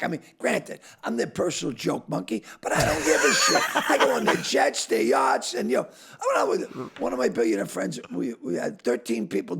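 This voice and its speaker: An older comedian spins his yarns in a rough, gravelly rasp. His voice sits high and leaps wildly up and down as he shouts, laughs and mimics everyone in the story. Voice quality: gravelly, raspy. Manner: loud, laughing, acts out voices in his stories. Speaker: comedian guest. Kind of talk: animated storytelling.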